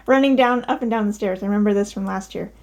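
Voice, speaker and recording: A woman's voice: medium pitch, fairly even intonation, quick pace, darkish tone. A woman chatting casually at home while showing her cross-stitch projects, upbeat and full of ums. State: out of breath. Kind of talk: casual show-and-tell vlog. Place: home, daughter's bedroom.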